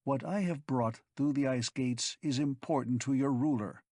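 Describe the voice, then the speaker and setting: A man voicing a greedy, cowardly male vagabond who talks unctuously and slowly. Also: mid-range voice, a little mellow, dry recording, clean studio sound, lightly acted. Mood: sly. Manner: unctuous, slow and sly.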